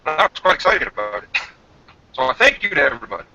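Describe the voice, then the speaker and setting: A man's voice: a little high, sing-song, rapid-fire, pushed and bright, lo-fi sound. A man with a New Brunswick accent hosting a casual livestream chat, chatty and full of fillers. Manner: chatty, laughs often, many fillers. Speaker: channel host. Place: home.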